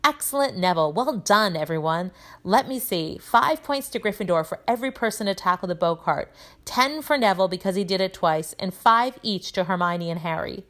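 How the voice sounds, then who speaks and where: A woman voicing a calm, kindly male magic professor who gives brisk, encouraging instructions to his class. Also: mid-range voice, natural voice. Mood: pleased.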